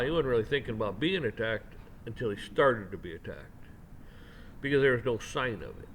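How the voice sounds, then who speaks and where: A man rants his opinions in a loose, conversational way, often tripping over and repeating his words before getting them out. His voice sits at an ordinary middle pitch, with a faint hiss of noise under it. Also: animated, fairly quick, creaky. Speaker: commentary channel host. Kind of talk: casual opinion rant.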